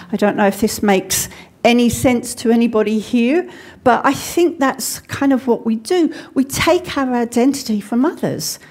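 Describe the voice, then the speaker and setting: A woman's voice: on the high side, a little mellow. An English woman preaching a sermon in a church, talking conversationally with personal stories and frequent restarts. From England.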